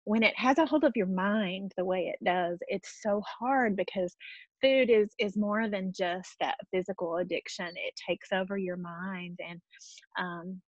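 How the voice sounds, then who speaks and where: A middle-aged woman giving an emotional, halting personal testimony on a video call, often close to tears. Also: medium pitch, dry recording, muffled recording. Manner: tearful, halting, many ums. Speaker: guest sharing a weight-loss story.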